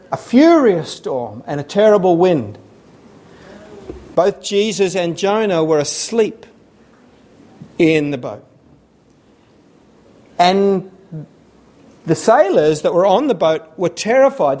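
Guy with a high voice preaching, earnest, keeps repeating lines for emphasis. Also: mellow. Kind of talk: sermon.

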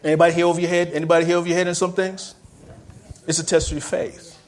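A man preaching a sermon in a church, repeating phrases and calling on the congregation to respond, swinging from loud outbursts to hushed words. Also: a little high, little pitch movement, very fast.

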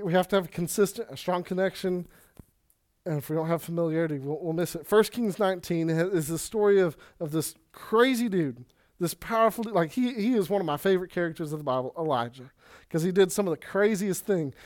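A man preaching a sermon in a casual, energetic way, with quick asides and Bible readings. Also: sits high. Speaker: pastor.

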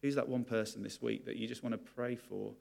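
A man's voice: mid-range voice, steady tone, brisk, gravelly, a little mellow. A man preaching a sermon to his congregation, candid and confessional about his own struggles. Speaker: pastor.

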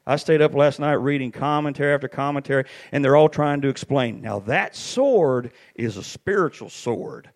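A middle-aged man preaching a sermon, telling stories with animated swings up to shouted peaks. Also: medium pitch, a little fast, hardly any pauses.

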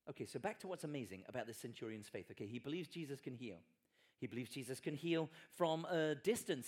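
A man's voice: medium pitch, darkish tone. A man preaching a sermon in a conversational, emphatic way with wry asides.

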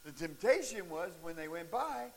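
A middle-aged male pastor telling stories in a sermon, animated and breaking into shouts and laughs at the peaks of a story. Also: on the high side, normal speed, gravelly. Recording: faint hiss.

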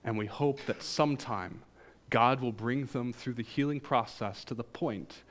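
In an unhurried sermon, a male pastor spins conversational stories laced with wry humor. His voice rises emphatically, then drops into soft, low asides.

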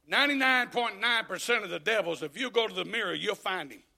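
A man preaching a sermon, folksy and joking, dropping to quiet asides and then shouting exhortations. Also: high-pitched, fast, creaky.

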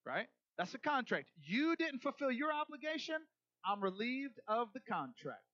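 A male pastor preaching a sermon, animated, swinging between loud emphasis and soft asides. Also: extremely high pitch, moderate pace, dry recording, lo-fi sound.

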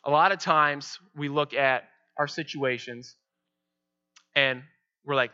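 A young man preaching a sermon as pastor, animated, acting out quoted prayers in playful voices. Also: mid-range voice, measured pace. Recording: dull lo-fi sound.

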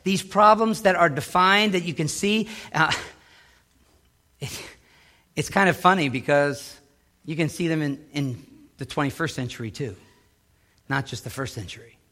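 A middle-aged male pastor delivers a sermon with a high, bright voice. He swings dramatically between loud, emphatic lines and hushed, low asides, giving the preaching a dynamic, animated feel. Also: moderate pace, pauses often.

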